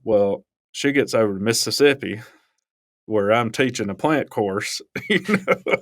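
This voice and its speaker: Low-voiced Alabama man telling stories. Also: unhurried, no echo, studio quality. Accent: Southern US, Alabama. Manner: rambling, chuckling storyteller. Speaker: podcast co-host, professor. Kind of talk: casual storytelling.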